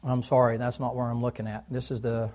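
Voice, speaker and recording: A man's voice: mid-range voice, level tone, quick pace, mellow. A middle-aged man, preaching a folksy sermon in church and quizzing his listeners. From United States South. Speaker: pastor.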